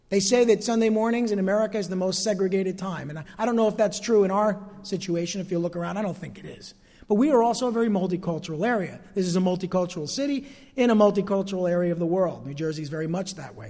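A pastor with a high voice and darkish tone delivers a sermon from a church pulpit. The recording has long hall reverb, and he speaks emphatically, lengthening key phrases and prompting the congregation for amens.

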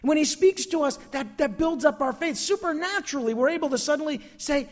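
A man preaching a sermon as pastor, expressive and calling out to his congregation for amens. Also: extremely high pitch, brisk, hardly any pauses, big-room sound.

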